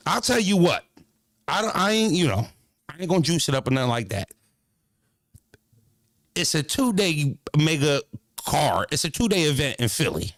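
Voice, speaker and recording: A man's voice: a little high, very animated, moderate pace, pauses often, fairly bright tone, dry recording, studio quality. A man streaming casually as a battle-rap commentator, talking in a brash, profane, rambling way and repeating himself.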